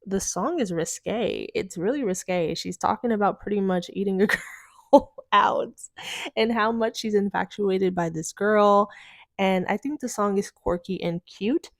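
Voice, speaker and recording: A woman's voice: medium pitch, a little slow, dry recording, clean studio sound. A woman with a slight lisp from a retainer, chatting casually through an album review with lots of "like" and "um". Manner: chatty, many fillers like "like" and "um". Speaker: music reviewer.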